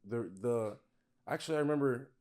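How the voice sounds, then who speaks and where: A man's voice: medium pitch, a little fast, a little mellow. A young man on a podcast who rambles unsurely, hesitating and laughing as he talks. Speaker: podcast guest. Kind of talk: casual podcast banter.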